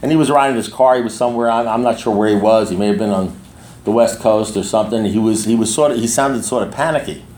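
A man's voice: lowish voice, fast, a little mellow. Rambling man in his sixties, echoey room. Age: 60s. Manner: rambling storyteller, frequent restarts and asides. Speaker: speaker at a recovery meeting. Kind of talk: personal recovery talk to a group.

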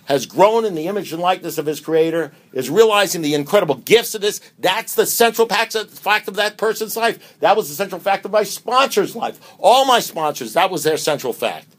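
A man giving a speaker talk at a recovery meeting, emphatic and preacher-like, with many rhetorical questions and swings between loud and hushed delivery. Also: sits high, lively intonation, fairly quick, hardly any pauses.

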